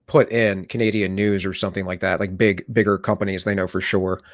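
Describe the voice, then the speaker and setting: A man's voice: sits low, level tone, fairly quick, dry recording, clean studio sound. A man hosting a casual livestream chat, talking in a loose, rambling way and often correcting himself mid-sentence. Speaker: stream host.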